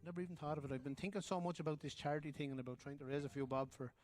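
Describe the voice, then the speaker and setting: A man's voice: on the high side, fairly even intonation, very fast, a little mellow. Irish man, folk singer, chatty and loose, restarts sentences, live stream banter. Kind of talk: casual chat between songs on a live stream.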